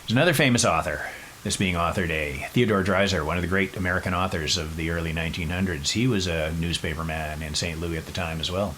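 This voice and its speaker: Low-voiced man telling a story with wry asides. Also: fast talker, slight background noise, rough recording. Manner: animated, chatty, wry asides. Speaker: podcast host. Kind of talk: casual storytelling.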